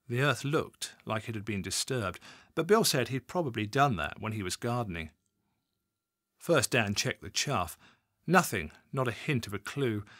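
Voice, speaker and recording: A man narrating a crime audiobook in an expressive, dramatic reading. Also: mid-range voice, no echo, studio quality.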